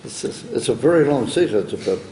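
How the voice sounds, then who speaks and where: Rabbi teaching a study group, man, mellow tone, chatty with fillers, echoey room recording. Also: medium pitch, animated, quick pace. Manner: chatty, many fillers, chuckles while explaining. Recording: echoey room with faint ambient noise.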